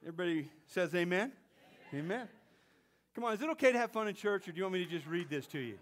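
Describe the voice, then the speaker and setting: A man preaching a sermon to his church, playful with the congregation, swinging between loud exclamations and hushed whispers. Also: sits high, lively intonation, quick pace. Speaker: pastor.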